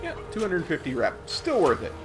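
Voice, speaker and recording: A man's voice: on the high side, wildly swooping pitch, fairly quick, music in the background. A man streaming a game, chatting casually with his viewers in a laid-back, rambling way. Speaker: gaming streamer. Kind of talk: casual gameplay chat.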